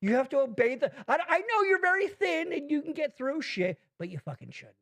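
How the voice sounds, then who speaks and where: A man hosting a podcast, rambling in casual profane chat with big swings in pitch. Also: a little fast, creaky. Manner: rambling, swears constantly, animated swings in pitch. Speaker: podcast host.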